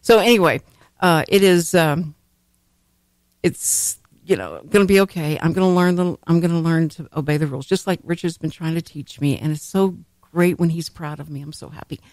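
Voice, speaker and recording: A woman's voice: deep voice, normal speed, darkish tone, no room sound. A woman hosting a radio talk show, chatting in a rambling way and laughing often. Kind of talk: casual chat. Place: radio studio. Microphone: studio microphone.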